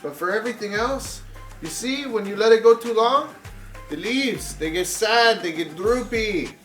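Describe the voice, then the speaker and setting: A man's voice: high-pitched, lively intonation, moderate pace, fairly bright tone, roomy sound, faint music behind. A man putting on a flamboyant plant-loving character with a mock Spanish accent, theatrical and doting. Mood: playful. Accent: put-on Spanish. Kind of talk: comic vlog persona.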